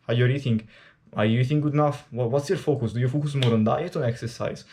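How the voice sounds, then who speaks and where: A man's voice: medium pitch, fast talker, warm tone. An Italian man, a native Italian speaker, chatting casually and candidly to camera during his workout, rambling and swearing freely. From Italy. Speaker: fitness vlogger.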